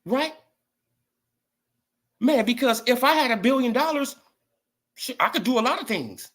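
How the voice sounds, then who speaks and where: A man's voice: very high voice, expressive, unhurried, fairly bright tone. A man ranting casually about boxing as a vlog host, mocking and repetitive, often asking "right?" and "you feel what I'm saying". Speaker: boxing commentator vlogger. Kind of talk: casual opinion rant.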